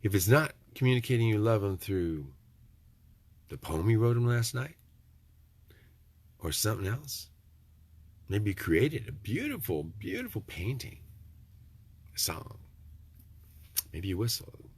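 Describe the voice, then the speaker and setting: Husky low-voiced man rambling. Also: big pitch swings, a little slow, long pauses, darkish tone, no room sound. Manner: folksy, preachy, joking asides. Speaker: vlogger. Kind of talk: rambling casual monologue.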